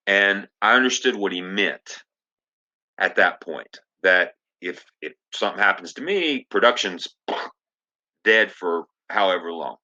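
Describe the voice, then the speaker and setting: An actor tells stories in a casual, animated way, slipping into the voices of the people he quotes. His voice sits low but has a bright, forceful edge. The podcast audio is dull and lo-fi. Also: measured pace. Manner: animated storyteller, acts out quoted dialogue. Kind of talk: casual storytelling interview.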